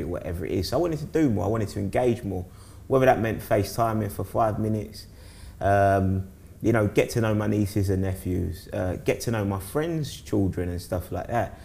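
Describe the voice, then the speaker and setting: A man's voice: fairly low pitch, normal speed, creaky. A young man from South East London with a London accent, a guest chatting casually, rambling with many restarts. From South East London, England. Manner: rambling, repeats words and restarts often, animated when telling stories. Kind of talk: casual conversation.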